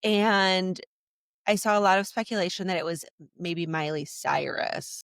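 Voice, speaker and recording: A woman's voice: lowish voice, a little slow, a bit bright, smooth, no room sound, clean studio sound. A young adult woman co-hosting a podcast, chatting in a bubbly, rambling way that trails off mid-thought. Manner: bubbly, rambling, trails off, laughs while talking. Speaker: podcast co-host. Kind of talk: casual chat.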